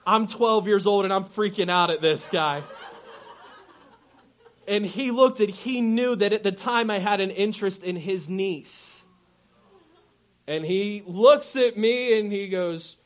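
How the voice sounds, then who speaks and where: A pastor with a fairly high voice preaches to his congregation, spinning a lively personal story. He plays the people he quotes, switching voices as the tale goes on. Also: measured pace. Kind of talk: sermon with storytelling.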